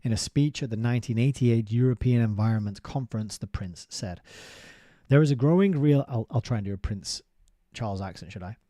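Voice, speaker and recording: A man's voice: fairly low pitch, a little fast, no room sound, studio quality. A man reading a book aloud and breaking off into casual, chatty commentary. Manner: steady reading broken by chatty asides with fillers and laughs. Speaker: book reviewer.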